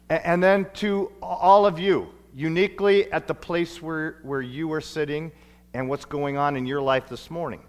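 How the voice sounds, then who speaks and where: A middle-aged man preaches in a church in a folksy, playful way. His voice sits a little high, and he often trips over his words and starts his sentences again. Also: fairly bright tone. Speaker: pastor. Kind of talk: sermon. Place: church sanctuary.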